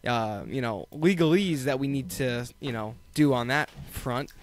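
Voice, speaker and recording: A man's voice: mid-range voice, measured pace. A tired man chatting casually as a podcast co-host, rambling with lots of fillers and restarts. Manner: rambling, self-deprecating, many fillers. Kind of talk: casual chat.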